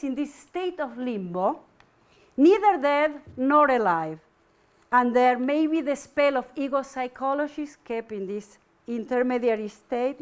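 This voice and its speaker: A middle-aged woman delivers an academic lecture in a high voice. She talks hesitantly, stopping and restarting often and filling pauses as she works through her ideas. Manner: hesitant, many restarts and fillers.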